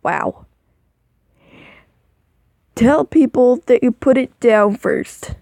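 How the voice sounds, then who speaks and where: A drowsy woman reads a second-person story aloud at a slow, unhurried pace, her voice mellow and soft-edged. She stumbles over words now and then and stops to comment on what she reads. She is recorded on a phone mic. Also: a little high, expressive, vocal fry, no echo. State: sleepy, yawning. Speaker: reader of fan fiction. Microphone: phone microphone.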